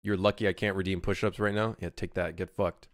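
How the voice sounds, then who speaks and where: A man's voice: low voice, little pitch movement, a little fast, no room sound, studio quality. A young man streaming while working on his game, chatting casually with viewers, swearing and venting in frustration. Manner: profane, exasperated, talks to chat. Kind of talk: casual livestream chat.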